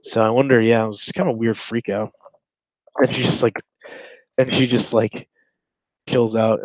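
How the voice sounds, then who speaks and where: A man's voice: medium pitch, flat delivery, normal speed, long pauses, darkish tone, no echo, rough recording. A man co-hosting a casual podcast, rambling and crude as he reacts to chat logs, often trailing off and restarting. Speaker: podcast co-host.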